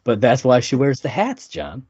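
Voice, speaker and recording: A man co-hosting a TV recap podcast in casual chat, animated and quick to laugh. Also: medium pitch, slightly rough, no echo. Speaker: podcast co-host. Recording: dry, muffled lo-fi audio.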